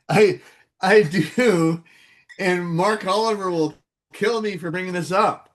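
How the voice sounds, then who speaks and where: A man who works as a voice actor, a guest in a casual interview, telling animated stories and laughing often. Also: high-pitched, slow.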